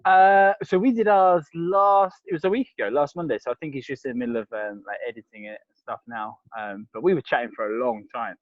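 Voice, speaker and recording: A man's voice: medium pitch, a little fast, few pauses, no room sound, dull audio. A man with a London accent, a podcast guest chatting casually, rambling with many restarts and fillers. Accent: London English. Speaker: podcast guest, crisp reviewer. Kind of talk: casual chat.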